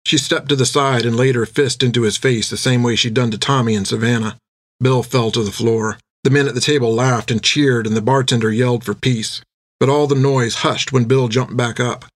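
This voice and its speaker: A man narrating an adventure audiobook with steady storytelling. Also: mid-range voice, no echo, studio quality.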